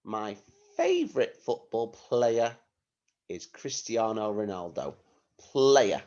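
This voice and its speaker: A male primary teacher leads a recorded phonics lesson at a slow, patient pace, his fairly low voice swinging up and down in a lively sing-song. The sound is a little dull and lo-fi. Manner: patient, sing-song, spells words letter by letter.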